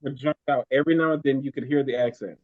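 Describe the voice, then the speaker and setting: Co-host with teasing, wry asides, mid pitch, muffled lo-fi sound. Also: fairly even intonation, fast, a crowd in the background. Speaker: podcast co-host. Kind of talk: casual chat about a TV episode.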